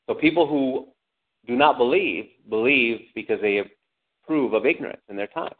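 A man preaching a sermon with lively delivery, asking the congregation questions and acting out angry cries. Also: mid-range voice, normal speed. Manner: animated preaching, calls out to the congregation, acts out angry shouts. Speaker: pastor. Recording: tinny phone-like lo-fi sound.

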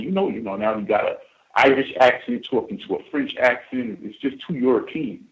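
This radio show caller, an American man on a phone line, has a mid-range, sing-song voice with vocal fry and speaks at a moderate pace. He tells his story casually and ramblingly, full of fillers and restarts.

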